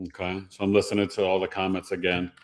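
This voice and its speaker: A man hosting a home livestream in casual chat, playful and slangy, dropping rhymes and acting out quick quoted voices. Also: deep voice, monotone. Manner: playful, slangy, rhyming asides. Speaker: astrology livestream host.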